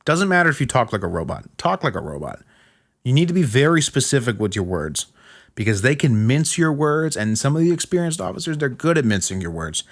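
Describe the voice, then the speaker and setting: A male podcast host talking casually, laying out firm instructions one short sentence at a time. His pitch sits in a middle range but swings widely as he stresses key points. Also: sing-song, fairly quick. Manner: emphatic, gives blunt step-by-step instructions. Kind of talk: casual advice monologue.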